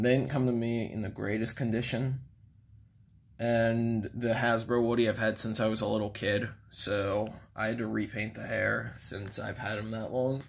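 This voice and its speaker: A man's voice: lowish voice, gravelly. A man giving a casual video review of toys, rambling with frequent ums. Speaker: toy reviewer.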